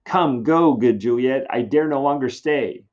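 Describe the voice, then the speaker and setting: A teacher reading an anxious old friar. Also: male voice, mid-range voice, measured pace, darkish tone, dull audio, voice pushed up, lightly acted. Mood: urgent. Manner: reading aloud from a play script. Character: anxious old male friar urging flight.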